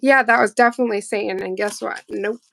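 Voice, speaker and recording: A woman's voice: medium pitch, steady tone, quick pace, creaky, no echo, poor audio. A woman hosting a casual livestream, chatting playfully and laughing often while doing nail art. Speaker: livestream host.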